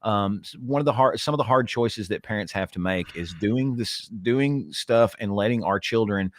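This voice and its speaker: A man's voice: lowish voice, moderate pace. A middle-aged man co-hosting a podcast, talking in a rambling, profane way with many stammered restarts. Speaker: podcast co-host. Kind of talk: casual political chat.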